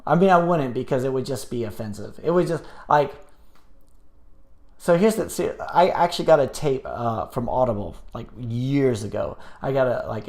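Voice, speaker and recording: A man's voice: medium pitch, darkish tone. A man hosting a live stream, chatting casually and reading viewer comments aloud, rambling with many fillers and restarts.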